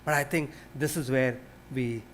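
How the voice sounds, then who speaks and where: A man with an Indian English accent giving an earnest speech at a conference, sometimes dropping to a hushed tone. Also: medium pitch, steady tone, measured pace, a little hiss or hum. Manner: earnest, drops to a hushed tone while recounting. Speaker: panel speaker. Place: conference hall.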